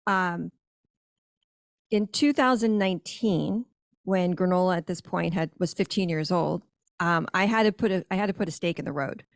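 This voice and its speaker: A woman's voice: lowish voice, no echo, studio quality. A woman on a podcast telling her business story in an emphatic, conversational way, with frequent self-corrections. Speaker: guest, granola business owner.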